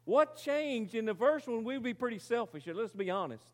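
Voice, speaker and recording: A man preaching, telling a story with dramatic swings from loud to very quiet and asking his listeners rhetorical questions. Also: very high voice, expressive, normal speed. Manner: asks the audience rhetorical questions. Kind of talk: sermon illustration.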